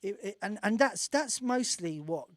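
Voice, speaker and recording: A man being interviewed on a radio show, telling rambling stories with restarts and acting out quotes in a lively way. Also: a little slow, no room sound, clean studio sound. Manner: animated, acts out quotes with big jumps in pitch and volume; rambling with frequent restarts and laughter. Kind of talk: casual radio interview storytelling.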